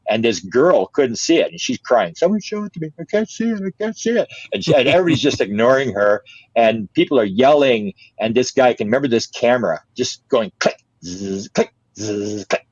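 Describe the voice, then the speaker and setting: An older man, an interview guest, telling a story in casual style, lively, repeating words and laughing often. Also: mid-range voice, no echo, muffled recording.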